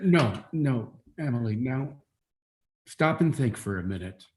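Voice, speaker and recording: Man reading a gentle soothing father. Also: mid-range voice, expressive, slight background noise, lightly acted. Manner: soothing, slow and measured. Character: gentle, steady father of the bride. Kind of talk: staged play reading. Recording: echoey room.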